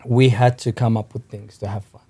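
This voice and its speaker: A man's voice: lowish voice, level tone, brisk, mellow, husky. Rambling man chatting as a podcast guest. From Australia. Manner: rambling, keeps adding "you know what I mean" and "man", swears freely. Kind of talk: casual chat.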